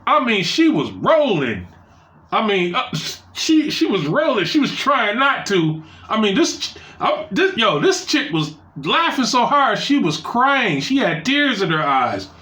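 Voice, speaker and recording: Guy telling a dirty story time, bright voice, echoey room. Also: very animated, a little slow. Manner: loose, crude storytelling with shifting pitch.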